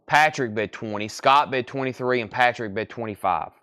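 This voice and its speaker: A tired man with a drawl hosts a live sale, talking in a relaxed, folksy patter. He sounds sleepy but keeps the sales talk going, friendly and unhurried. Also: medium pitch, clear, resonant tone. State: sleepy, yawning. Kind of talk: live auction selling.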